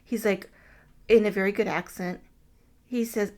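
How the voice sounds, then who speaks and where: A woman's voice: medium pitch, steady tone, normal speed, long pauses. Podcast co-host, woman, casual recap, wry and crude. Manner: summarizes the plot with wry, crude asides. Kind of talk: casual movie recap chat.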